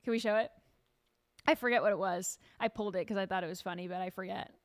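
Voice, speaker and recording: Sarcastic woman host with a smooth voice. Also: mid-range voice, quick pace, dry recording, clean studio sound. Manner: animated, sarcastic, fires off rhetorical questions. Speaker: show host. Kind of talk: casual news commentary.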